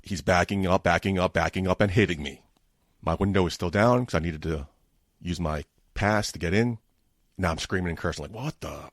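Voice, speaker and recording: A man's voice: sits low, dry recording, studio quality. A man hosting his own podcast, telling a frustrated, profane story about his bad week in a casual monologue. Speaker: podcast host.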